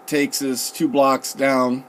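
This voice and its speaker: A young man casually telling a story, profane and relaxed, quoting people with "I'm like" and "he goes.". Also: mid-range voice, takes it slowly, slight background noise. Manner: profane, laid-back, quotes others with "I'm like" and "he goes". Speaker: storyteller recalling his recruit days.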